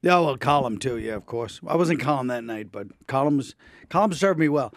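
A middle-aged man, a guest comedian, ribbing others in gruff, mock-angry radio chat. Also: medium pitch, animated, a little fast, no room sound, studio quality. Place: radio studio. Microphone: studio microphone.

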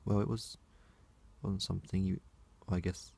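A man talking casually to camera, slow and halting, with long pauses and a soft, low-key manner. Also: flat delivery, vocal fry, breathy edge.

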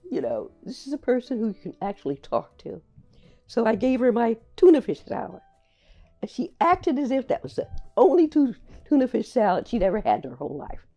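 An older woman reminisces about her work as a playwright in a lively, rising-and-falling voice that stays warm and mellow. She talks haltingly, repeating words as memories return, while faint music plays underneath. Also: on the high side. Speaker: playwright recalling her career. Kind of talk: reflective personal storytelling.

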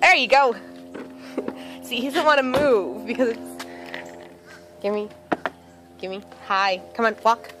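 A woman's voice: on the high side, slow pace, pauses often, music in the background. A young woman filming a casual home video, chatting and coaxing her dog along. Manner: chatty, coaxing pet talk.

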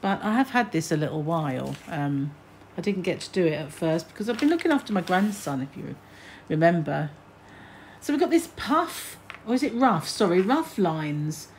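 A woman's voice: on the low side, expressive, moderate pace, a little mellow, slight background noise. An older British woman hosting a crochet channel, chatting casually as she reads magazine snippets aloud and adds musing asides. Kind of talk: casual magazine flick-through chat.

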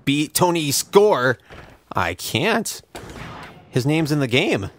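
A man's voice: a little high, big pitch swings, takes it slowly, a bit bright. A young man giving sarcastic, profane, self-mocking commentary while playing a video game. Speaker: let's play host. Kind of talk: casual gameplay commentary.

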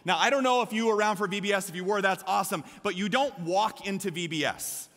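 A man with an American Midwestern accent preaching a lively sermon as a pastor, with emphatic bursts and shouts. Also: high voice, fast. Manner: energetic, emphatic preaching with sudden loud shouts. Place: large church sanctuary. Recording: long hall reverb from a church.

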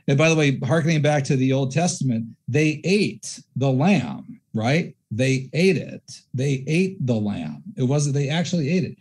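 A man hosting a casual discussion who reads scripture aloud and breaks into animated, self-correcting commentary. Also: medium pitch, measured pace, few pauses, husky. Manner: animated, acts out quotes with mock voices. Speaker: podcast host.

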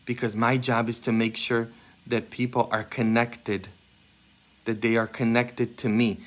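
A man preaching a homily as a Catholic priest, impassioned, dropping to a hush and rising loud as he acts out voices in his stories. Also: mid-range voice. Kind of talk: sermon.

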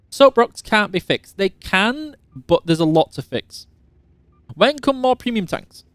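A man's voice: high-pitched, very animated, unhurried, fairly bright tone, no echo. A man from Yorkshire hosting a live game stream, chatting casually and teasing while reading out chat questions. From Yorkshire, England.

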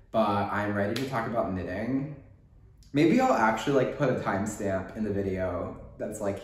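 A rambling, chatty man with a Texas drawl talks through a casual knitting podcast with a slightly low voice. His speech is full of "like" and jokes. The sound is very echoey, as if he is in a bare, reverberant room. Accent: Texan. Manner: rambling, chatty, joking, lots of "like". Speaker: podcast host.

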